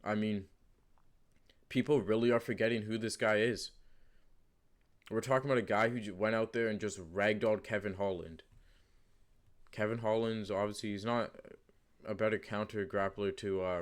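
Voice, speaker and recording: A man's voice: fairly low pitch, fairly even intonation, normal speed, long pauses. A man talking casually to camera as the host of his own channel. He rambles through his predictions with lots of fillers, restarts and emphatic repeats. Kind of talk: casual unscripted commentary.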